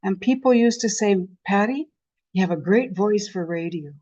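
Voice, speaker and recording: A Canadian woman past sixty-five, giving a lively motivational talk and telling her story with self-deprecating humor. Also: medium pitch, moderate pace, dry recording, lo-fi sound. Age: over 65. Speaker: conference speaker.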